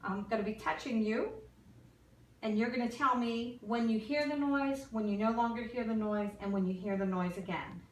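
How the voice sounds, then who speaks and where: A woman calmly talking a patient through a cranial nerve exam, step by step, with small fillers. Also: a little high, normal speed, a little hiss or hum. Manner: calm step-by-step instructions with fillers. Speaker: nursing student doing an exam demo. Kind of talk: instructional clinical demonstration. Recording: echoey room from far off.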